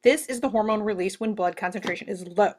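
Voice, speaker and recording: A woman teacher giving a recorded classroom lecture in an animated, joking way, full of asides. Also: medium pitch, fast.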